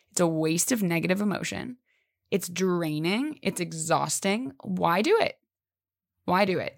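A young woman hosts a casual motivational podcast, speaking emphatically with animated pitch jumps and casual swearing. The recording is studio quality with no room sound.

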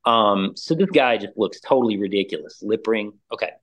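A middle-aged man telling a band story in casual chat, animated and acting out the voices of the people in it. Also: on the low side, moderate pace. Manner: animated storyteller, acts out quoted voices, says "like" and "dude" a lot. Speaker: interview guest, musician.

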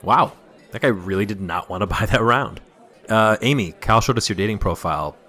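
An actor playing an easygoing, friendly burger blogger in a comedy audio drama. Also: male voice, lowish voice, expressive, brisk, pushed and bright.

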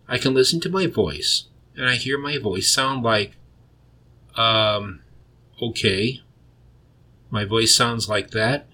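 A man hosting a solo podcast, reading a script in a plain, measured way with a deep voice. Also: bright, forceful tone, breathy edge. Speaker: podcast host.

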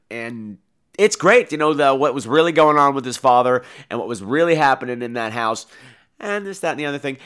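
A man with a cold rattles through a comedic film review, sarcastic and rambling. His voice is bright and forceful and swings wildly in pitch. It sits a little above the usual male range. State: sick with a cold.

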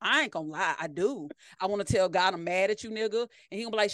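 A middle-aged woman, telling profane, animated stories as a podcast co-host. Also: mid-range voice, quick pace, no echo, clean studio sound. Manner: animated, profane storytelling with acted-out quotes. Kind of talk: casual chat.

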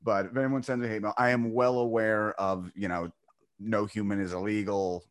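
A man's voice: fairly low pitch, level tone, normal speed. A man hosting a podcast, talking bluntly and sarcastically with plenty of swearing. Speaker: podcast host. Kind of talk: casual conversation.

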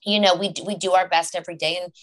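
A woman's voice: fairly low pitch, fairly even intonation, quick pace. A woman guest on a podcast, talking earnestly and restarting her phrases as she goes. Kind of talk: casual podcast conversation.

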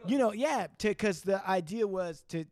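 A man's voice: high-pitched, lively intonation, normal speed, a little mellow. A man hosting a podcast who banters, cracks jokes and lectures in profane, casual talk.

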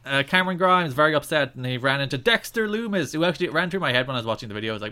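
A man rattles through his recap quickly as a podcast co-host. His voice is bright and sharp, and his humor runs dry and sarcastic. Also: mid-range voice, lively intonation. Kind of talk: casual chat.

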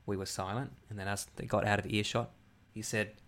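A man's voice: on the low side, level tone, fairly quick, a bit bright. A man co-hosting a comedy podcast, telling a long anecdote in casual chat with many restarts. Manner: rambling storyteller with many restarts. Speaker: podcast co-host. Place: abroad, living in Asia.

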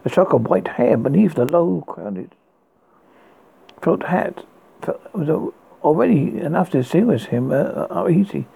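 A man reading a ghost story aloud, halting now and then with stumbles and restarts. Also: on the high side, very animated, gravelly, warm tone, husky, low-quality recording. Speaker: story reader.

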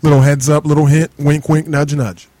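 A man's voice: a little high, flat delivery, moderate pace, mellow, no echo. A man co-hosting a casual talk show, joking in a wry way. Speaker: co-host. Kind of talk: casual banter.

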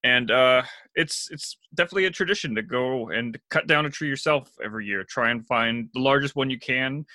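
A man's voice: medium pitch, a little fast, pushed and bright, no room sound. A man from the Pacific Northwest co-hosting a podcast, chatting casually in a playful, teasing way and laughing a lot. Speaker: podcast co-host. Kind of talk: casual chat.

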